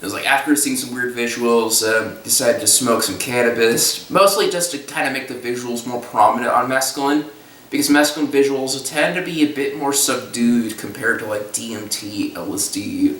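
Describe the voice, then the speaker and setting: Young guy, casual halting storyteller, bright voice, caught at a distance in an echoey room. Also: mid-range voice, slight background noise. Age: young adult. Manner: halting, restarts, breaks into silly voices and laughs. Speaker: storyteller recounting a trip. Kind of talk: casual rambling monologue.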